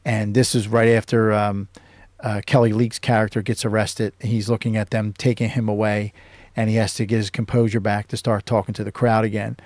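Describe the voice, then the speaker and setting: A man's voice: lowish voice, level tone, fairly quick, a little mellow, no echo. A man hosting his own show, casually recapping a film scene by scene, with many ums and uhs. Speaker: show host.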